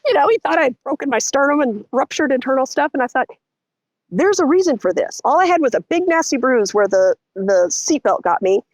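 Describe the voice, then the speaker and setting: Animated middle-aged Texan woman, bright. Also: brisk, no room sound. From Texas. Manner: animated, vivid storytelling with lots of pitch swings. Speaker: guest. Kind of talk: storytelling interview.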